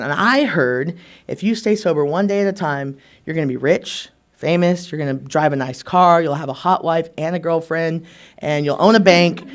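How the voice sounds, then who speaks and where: A man in his thirties speaks to a meeting in a fairly high register. He tells his recovery story with wry, sarcastic humor. He acts out the lines of the people around him.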